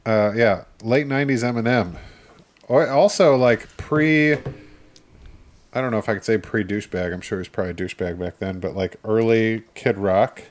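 A man's voice: fairly low pitch, moderate pace. A man co-hosting a casual beer-tasting chat, laid-back and wry, laughing often. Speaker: podcast co-host.

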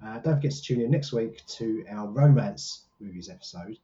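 Rambling podcast co-host. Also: male voice, on the low side, expressive, moderate pace, mellow, muffled recording. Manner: rambling, jokey and self-mocking. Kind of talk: casual podcast chat. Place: small hot room.

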